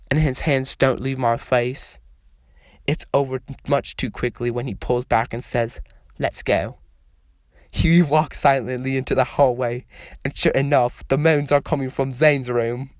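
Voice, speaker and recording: A man reading fan fiction aloud as a storyteller, in a slow, measured way. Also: mid-range voice, fairly even intonation, no room sound, studio quality.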